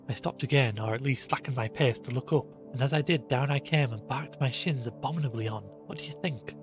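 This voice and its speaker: A man voicing a shaken young gentleman who recounts his ordeal in a rueful, animated way. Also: medium pitch, close to an everyday voice.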